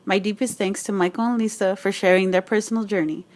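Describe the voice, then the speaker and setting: A young adult woman narrating a script in a calm, earnest, measured way. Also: medium pitch.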